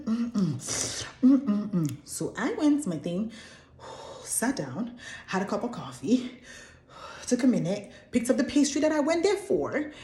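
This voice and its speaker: A young Nigerian woman recounts a story for her vlog with animated, exclamatory delivery. Her voice is low and mellow. The room around her adds a noticeable echo. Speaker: vlogger. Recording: roomy echo.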